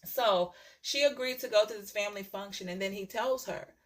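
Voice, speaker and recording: A woman's voice: mid-range voice, moderate pace. A woman tarot reader telling a story to her viewers in a chatty way, often checking in with "okay?" and repeating phrases.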